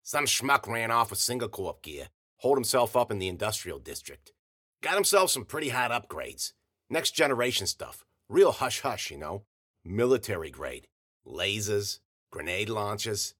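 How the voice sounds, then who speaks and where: A man voicing a gruff middle-aged boss who gives clipped, curt orders. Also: on the low side, big pitch swings, normal speed, a bit bright.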